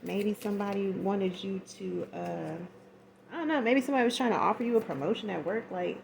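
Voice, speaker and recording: A woman's voice: mid-range voice, fairly quick, gravelly, a little mellow, a little hiss or hum. A woman giving a casual tarot reading, chatty and slangy, acting out little scenes as she goes. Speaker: tarot reader.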